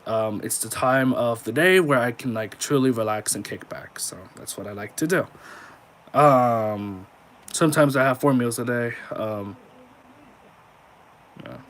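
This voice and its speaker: A man's voice: medium pitch, measured pace, long pauses, a bit bright. A nineteen-year-old man streaming live, reading viewer messages and answering them in a laid-back, chatty way. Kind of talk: casual live-stream chat.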